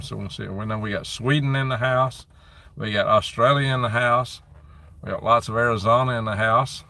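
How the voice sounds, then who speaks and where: Man, gravelly low voice, bright edge, casual live stream host reading comments, a bit off the phone mic. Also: recorded from a distance. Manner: reads out viewer comments and locations; chatty, grumbling asides.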